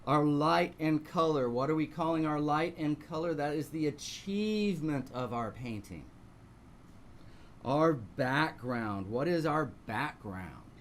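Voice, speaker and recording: Male painting instructor, slightly high voice, live class with faint room noise. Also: expressive, slow. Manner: talks through steps, asks rhetorical questions. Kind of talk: live online painting lesson.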